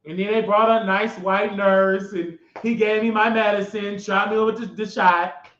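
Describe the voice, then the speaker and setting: High-voiced man ranting in an echoey room. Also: fairly even intonation, moderate pace. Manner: emphatic, repetitive, bursts into shouting. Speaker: host. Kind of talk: animated storytelling monologue. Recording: echoey, dull lo-fi recording.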